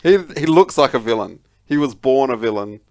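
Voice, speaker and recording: A man's voice: medium pitch, lively intonation, moderate pace, a little mellow, no echo. A man co-hosting a casual movie review chat, blunt and sweary, laughing often. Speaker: podcast co-host.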